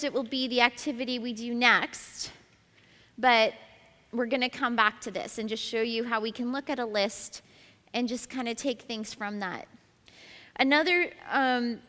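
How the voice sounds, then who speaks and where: A woman's voice: on the high side, sharp tone, in a large hall. A woman leading a group Bible study, explaining each step and reading scripture aloud. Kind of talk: teaching a group study session.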